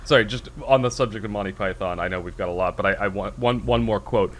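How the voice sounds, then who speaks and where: A man's voice: fairly low pitch, fast talker. A man co-hosting a casual podcast, rambling and laughing often. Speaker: podcast co-host.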